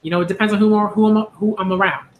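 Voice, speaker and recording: A man's voice: high voice, fairly even intonation, rapid-fire, phone-quality sound. A young man from Queens, talking casually to camera in a rambling way, full of "like" and "um" and restarts. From Hollis, Queens, New York. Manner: rambling, many fillers and restarts. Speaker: anime and manga video host.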